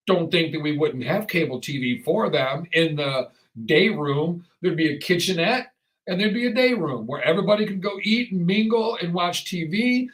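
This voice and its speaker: A man hosting a casual podcast chat, rambling and animated, often acting out the voices of people he quotes. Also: fairly high pitch, rough recording. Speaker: podcast host.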